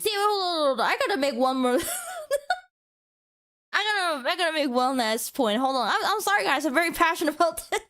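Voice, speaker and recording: A woman's voice: very high voice, very animated, moderate pace, a bit bright, faint music behind. A woman streamer giving a mock-passionate, teasing rant to her chat in a playful, dramatic way.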